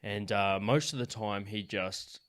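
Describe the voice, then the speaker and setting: A man with an Australian accent hosting a comedy podcast in a relaxed, casual chat, swearing freely. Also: lowish voice, measured pace. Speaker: podcast host.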